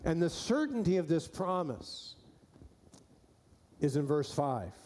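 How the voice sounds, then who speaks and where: A man's voice: fairly high pitch, sing-song, slow pace, darkish tone, slight background noise. A man preaching a sermon to his church, folksy and repeating key phrases for emphasis. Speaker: pastor.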